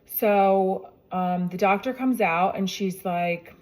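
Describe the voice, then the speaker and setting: A woman's voice: mid-range voice, slow, darkish tone. A woman in her forties, a mother, telling her own story in a casual, chatty way and often acting out what others said.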